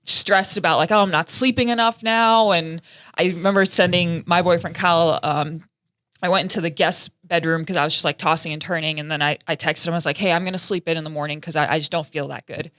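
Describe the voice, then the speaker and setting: A woman guest on a podcast, telling a story in animated casual chat. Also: deep voice, quick pace, no echo. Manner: animated, expressive retelling.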